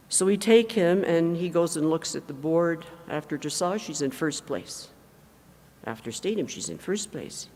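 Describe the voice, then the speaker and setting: An older woman, mother of the deceased, giving an emotional, halting eulogy with frequent self-corrections in a large hangar. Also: low voice, animated, darkish tone. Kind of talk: memorial eulogy. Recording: long reverb in a large hangar.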